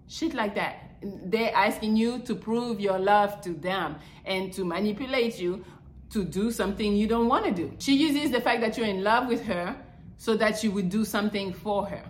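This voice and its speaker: A woman's voice: mid-range voice, normal speed. Blunt, crude-talking woman in an echoey room. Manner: crude, animated, swings into mocking quoted voices. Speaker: podcast host. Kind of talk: blunt advice monologue.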